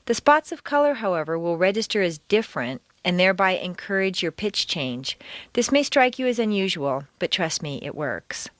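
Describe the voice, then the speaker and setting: Lively-voiced woman coaching pronunciation. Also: lowish voice, no room sound, clean studio sound. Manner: clear, deliberate teaching delivery with exaggerated stress. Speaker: accent coach. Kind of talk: scripted audio lesson.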